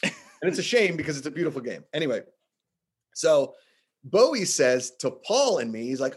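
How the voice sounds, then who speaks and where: A man telling stories in casual podcast chat, animated, acting out quotes in shifting voices. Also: a little high, normal speed, husky.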